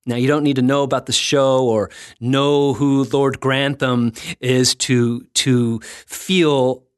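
An earnest man hosts a faith-and-fitness podcast, reflective and lightly self-mocking. His voice sits at an ordinary middle pitch. It is recorded close and dry, with no room sound. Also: level tone, takes it slowly, clean tone, dry recording. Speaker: podcast host and ministry founder. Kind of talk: scripted devotional podcast talk.

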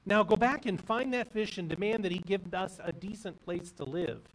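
A man's voice: high-pitched, moderate pace, far from the mic, rough recording. A man voicing a greedy, domineering fisherman's wife in a fairy tale, scolding and demanding.

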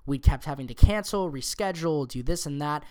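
A young man hosting a casual podcast, hoarse and raspy from a cold, rambling with lots of fillers. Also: on the high side, lively intonation, fairly quick, darkish tone. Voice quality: raspy, sniffly. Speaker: podcast host.

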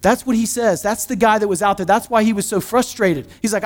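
A middle-aged man, a pastor, preaching a sermon in a church in a conversational, joking way with quick asides. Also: high-pitched, a little mellow. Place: church sanctuary.

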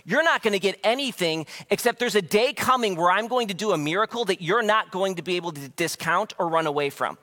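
A man's voice: high-pitched, expressive, brisk, few pauses, bright, forceful tone, voice pushed up. A man preaching who puts on the voice of an exasperated Jesus scolding his followers, raised and pleading. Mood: challenging.

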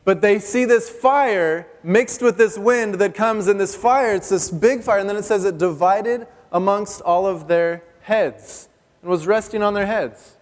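A man's voice: high voice, unhurried. A male pastor preaching a sermon in a church hall, chatty and joking, asking the congregation questions. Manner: conversational and joking, asks the audience questions. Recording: long reverb of a church hall.

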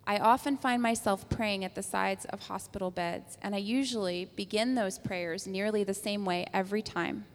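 Calm woman giving a reflective sermon. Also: medium pitch, moderate pace, hardly any pauses. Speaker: speaker at a church service. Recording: long echo of a hall.

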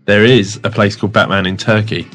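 A man's voice: lowish voice, fairly even intonation, fairly quick, fairly bright tone, faint music behind. A young man chatting casually as a game contestant, easygoing and hesitant when he has to guess. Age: young adult. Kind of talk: casual chat.

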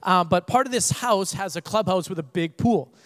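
A young man preaching a sermon. He tells funny family stories with lively energy, then turns quieter and earnest. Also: high-pitched, normal speed. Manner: animated storyteller, quieter and earnest when preaching. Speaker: pastor. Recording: echoey hall.

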